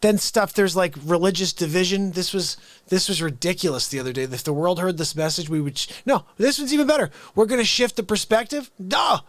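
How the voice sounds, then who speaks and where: Excitable man hosting a livestream. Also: high voice, a little fast, few pauses, dry recording. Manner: excitable, upbeat, swings between loud bursts and quiet asides; talks straight to the viewers. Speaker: livestream host. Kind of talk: casual live-stream chat.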